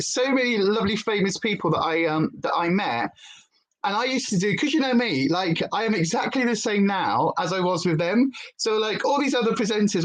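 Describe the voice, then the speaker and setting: Animated chatty British woman. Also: mid-range voice, poor audio. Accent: British English. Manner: chatty, wanders off on tangents, lively storyteller. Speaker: livestream host, former TV presenter. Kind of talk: casual livestream chat. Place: home livestream setup. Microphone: headphones with desk setup.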